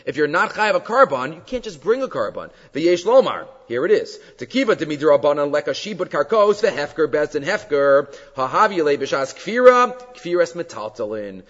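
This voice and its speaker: A man teaching a Talmud lesson in an emphatic, animated way, mixing Hebrew and Aramaic terms into his English. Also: fairly high pitch, moderate pace, hardly any pauses. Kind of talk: Talmud study lecture. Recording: dull sound with long reverb.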